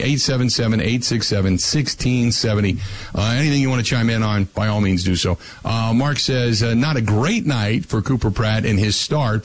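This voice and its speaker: Blunt, wry radio host. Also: male voice, on the low side, rough recording. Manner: blunt, wry, reads listener messages aloud. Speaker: radio talk show host. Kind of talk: casual call-in radio talk.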